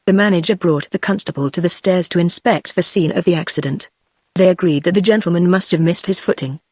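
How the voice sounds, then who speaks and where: A woman's voice: on the low side, dry recording. Synthetic British woman narrating, dry. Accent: British English. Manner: even, measured reading with dialogue in the same voice. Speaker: audiobook narrator.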